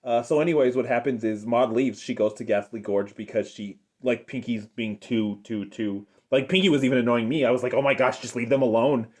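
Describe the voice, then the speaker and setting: A man's voice: mid-range voice, a little fast, hardly any pauses, a little mellow. Rambling young man reviewing a cartoon. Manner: rambling, filler-heavy, enthusiastic retelling. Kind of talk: unscripted review.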